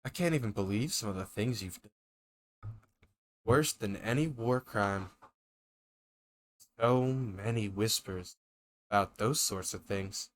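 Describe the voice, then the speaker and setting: A streamer putting on a creepy lurking man below the stairs, mocking and ominous, with a put-on accent that swoops up and drops low and soft. the lines come out like a spooky game being read aloud. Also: expressive, unhurried, pauses often. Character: Anatoly, brooding underground man, menacing. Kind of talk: reading game dialogue aloud.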